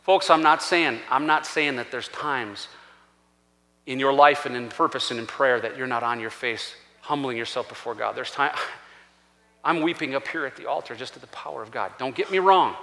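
A man pastor preaching a sermon in a church, animated and acting out scripture voices. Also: mid-range voice, moderate pace. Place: church sanctuary. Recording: long church-hall reverb.

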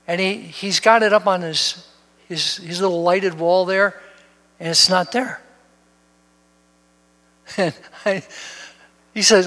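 Pastor guy, highish voice, long church echo, storytelling sermon. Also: normal speed. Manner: storytelling, animated, repeats words when excited. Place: church sanctuary. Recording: long reverb of a church hall.

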